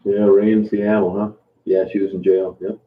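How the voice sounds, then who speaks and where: A man with a fairly low voice chats loosely with his live viewers, trailing off and restarting as he goes. The sound is thin and phone-like. It bounces around a roomy space. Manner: relaxed, halting, many fillers and restarts. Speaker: livestream host. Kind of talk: casual chat with live viewers. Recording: tinny phone-like sound in an echoey room.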